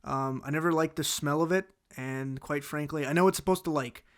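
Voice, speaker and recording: A man's voice: fairly high pitch, a little fast, smooth. Rambling man ranting about food. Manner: rambling, many restarts and fillers, exasperated rants. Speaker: host. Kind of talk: casual solo talk.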